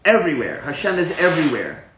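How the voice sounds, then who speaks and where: Excitable rabbi guy lecturing, high voice, echoey dull classroom sound. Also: fast, slight background noise. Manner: excitable, self-interrupting, stumbles over restarts. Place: classroom with a whiteboard.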